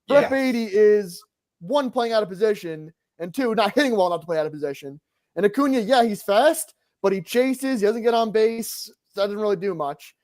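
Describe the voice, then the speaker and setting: A man with a high voice lays out his analysis in a measured, step-by-step way during casual sports banter. He hedges his points calmly.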